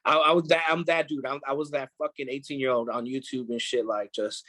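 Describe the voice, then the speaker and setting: A man guest chatting loosely and quickly, piling on fillers and curse words. His voice sits at an ordinary pitch. The sound is dry and close, with no room echo. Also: steady tone, pushed and bright. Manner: rapid, profane, rambling with many fillers. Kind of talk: casual interview chat.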